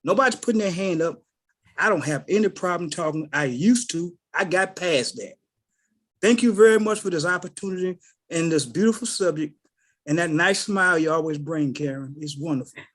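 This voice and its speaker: A man's voice: fairly high pitch, normal speed. A middle-aged man, telling personal stories on a group call and acting out the voices of the people in them. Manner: animated storyteller who acts out quoted voices. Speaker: call participant. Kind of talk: casual spoken testimony.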